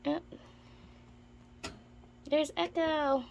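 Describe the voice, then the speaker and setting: A woman talking casually in a vlog as she walks past her reptile enclosures, chatting about her pets and now and then slipping into high baby talk for them. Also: fairly even intonation, extremely slow, creaky, a little hiss or hum. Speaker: reptile keeper vlogger. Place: indoors in a room full of reptile enclosures.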